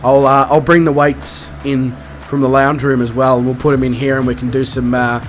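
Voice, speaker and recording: A man's voice: mid-range voice, level tone, fairly quick, soft background music. A man with an Australian accent, streaming a flight game and chatting casually with his viewers in a rambling, self-mocking way. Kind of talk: casual chat with live viewers.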